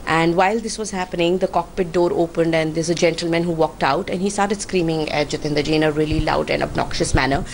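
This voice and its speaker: A woman with an Indian accent tells her account in an earnest, indignant tone, politely addressing her interviewer. Her voice sits a little low, and a faint hum of background noise runs under it. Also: steady tone, quick pace, hardly any pauses. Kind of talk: recounting an incident on air.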